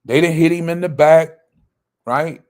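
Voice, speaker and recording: A man's voice: fairly high pitch, steady tone, measured pace, darkish tone. A man teaching a Bible study. He reads verses aloud, then explains them, and often asks a question and answers it himself.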